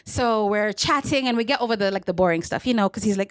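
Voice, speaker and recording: A woman comedian, telling a stand-up story on a club stage with animated put-on voices. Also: medium pitch, quick pace, few pauses.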